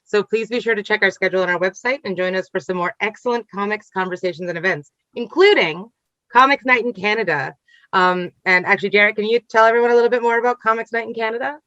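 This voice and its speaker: Festival host, woman, bright upbeat chatter, dry muffled call audio. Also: medium pitch, no room sound. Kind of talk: online panel wrap-up.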